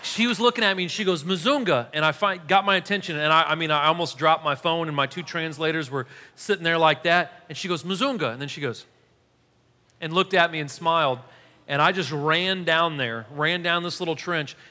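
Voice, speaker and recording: A male pastor in his thirties preaching a sermon, telling a story with animated, self-deprecating humor. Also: on the high side, a little fast. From United States. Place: church hall. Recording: long hall reverb.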